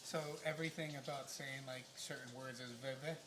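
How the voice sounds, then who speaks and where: A man appearing as a guest chef, explaining steps in a relaxed, matter-of-fact way. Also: mid-range voice, a little fast, noisy background. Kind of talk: casual chat.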